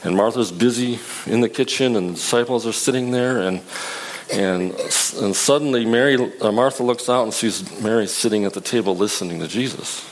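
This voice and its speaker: A man preaching a sermon in a conversational, halting way, often restarting his sentences. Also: lowish voice, low-quality recording.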